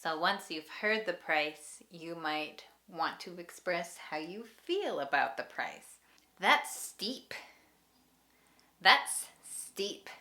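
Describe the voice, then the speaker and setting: A woman teaching an English lesson, speaking slowly and clearly and repeating example phrases. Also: on the low side, very animated, sharp tone. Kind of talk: ESL lesson.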